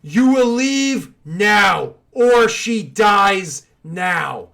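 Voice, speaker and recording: A man's voice: husky, natural voice. A man voicing a ruthless frontier soldier. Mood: threatening. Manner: slow shouted threats, cold low contempt. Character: ruthless male frontier soldier, cold and menacing.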